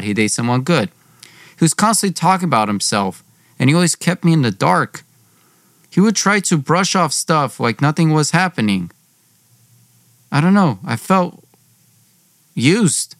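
A man's voice: on the high side, fairly bright tone, no room sound, studio quality. A young man narrating his own story in a plain, conversational way.

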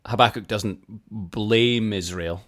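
Speaking slowly in a fairly low, slightly bright voice, a man co-hosts a podcast of casual talk and Bible teaching. He's thoughtful and self-deprecating as he lays out Bible facts, and he's quick to laugh.

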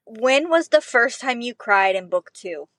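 A woman's voice: fairly high pitch, expressive, a little slow, a bit bright, no echo. A middle-aged woman co-hosting a book podcast, chatting casually and emotionally, swearing freely as she gushes. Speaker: podcast co-host.

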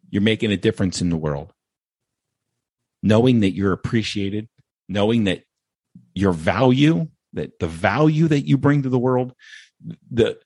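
A man with a lowish, darkish, husky voice delivers a heartfelt podcast monologue as host, recorded without echo. Speaking earnestly and with emotion, he repeats phrases while thanking his listeners.

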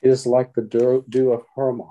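A man reciting alternate psalm verses in a responsive morning prayer, in a steady, solemn way. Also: mid-range voice, normal speed, lo-fi sound. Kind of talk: liturgical responsive reading.

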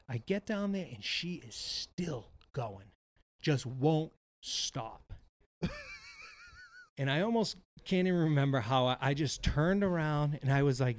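A man co-hosting a podcast, telling a golf story in casual chat, animated and profane, acting out what people said. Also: fairly high pitch, unhurried. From Wisconsin. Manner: animated, profane, acts out quotes. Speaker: podcast co-host.

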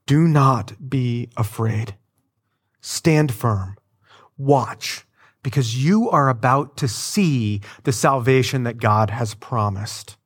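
A man voicing a calm, commanding leader in a sermon retelling, speaking direct and clear. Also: medium pitch, takes it slowly, voice pushed down. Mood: firm. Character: calm firm male leader giving orders.

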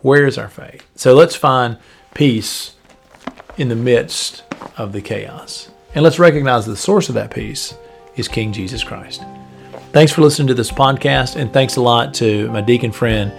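A man's voice: mid-range voice, unhurried, gravelly, soft background music. A man giving an earnest, conversational sermon on a podcast as a pastor, often repeating phrases for emphasis. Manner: earnest, conversational preaching with repetitions.

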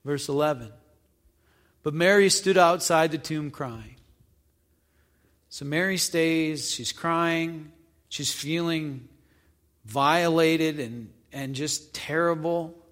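High-voiced preacher in a reverberant hall. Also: male voice, slow, long pauses, fairly bright tone. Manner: reads verses then explains them conversationally, asking questions. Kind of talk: Bible teaching, reading scripture with commentary.

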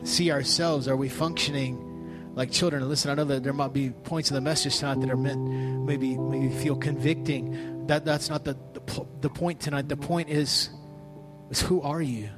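A male preacher gives an evening sermon in a relaxed, conversational way, often dropping to a hushed near-whisper for asides. His voice sits at an ordinary pitch, and faint guitar plays underneath. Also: moderate pace, rough recording. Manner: conversational, soft-spoken storytelling with hushed asides.

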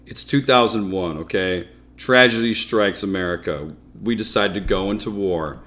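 A man's voice: sits low, normal speed, fairly bright tone. A man co-hosting a podcast, chatting casually over beers in a rambling, joking way and laughing often. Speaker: podcast co-host.

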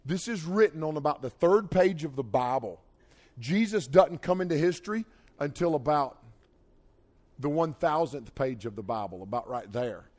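A man's voice: fairly high pitch, expressive, normal speed. A middle-aged man, preaching a folksy youth sermon. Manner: folksy storytelling, rises and drops in loudness. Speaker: youth pastor.

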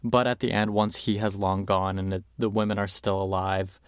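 A man's voice: fairly low pitch, little pitch movement, moderate pace, smooth, no echo, studio quality. A man hosting a podcast, chatting casually and animatedly about movies, with lots of fillers, and acting out quotes. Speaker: podcast host.

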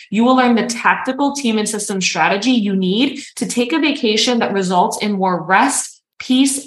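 A woman podcast host reading a scripted promo in an upbeat, salesy way. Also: mid-range voice. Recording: roomy echo.

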